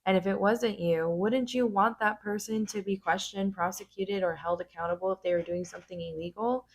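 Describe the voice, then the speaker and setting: A woman's voice: mid-range voice, fairly even intonation, fairly quick. A woman hosting a reaction video, giving blunt, casual commentary full of swearing.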